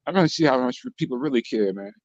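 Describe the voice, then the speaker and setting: A man telling lively stories in a casual online group chat. He swears freely, laughs a lot and mimics the lines of other people. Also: mid-range voice, fast talker, no room sound, muffled recording. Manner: animated storyteller, profane, mimics others' lines, laughs often. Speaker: channel host telling stories to co-hosts.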